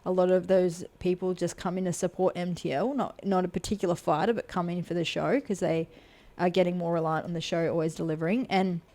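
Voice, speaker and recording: Woman, fight promoter, casual podcast chat, lower voice, rambling, swears freely. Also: steady tone, fairly quick, hardly any pauses, warm tone.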